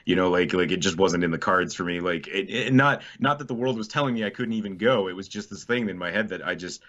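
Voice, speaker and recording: A man's voice: deep voice, fast, a bit bright. A man around forty co-hosting a podcast, chatting casually and rambling through stories with restarts. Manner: rambling, storytelling, frequent restarts. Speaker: podcast co-host. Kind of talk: casual chat. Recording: dull lo-fi podcast audio.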